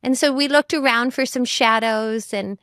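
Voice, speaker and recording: A woman's voice: a little high, moderate pace, fairly bright tone, dry recording, studio quality. A woman who is a mother, talking as a guest in a reflective conversation, thoughtful and full of "you know" and "like" fillers.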